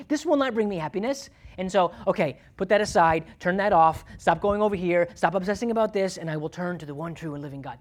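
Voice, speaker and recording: Emphatic conversational male pastor. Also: high-pitched. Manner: emphatic, conversational preaching with frequent "okay?" and "um". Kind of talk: sermon.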